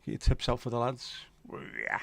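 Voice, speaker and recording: A man's voice: moderate pace, pushed and bright, no echo. A man hosting a casual livestream chat, reading out viewer comments in a bantering, crude, sweary way. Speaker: livestream host.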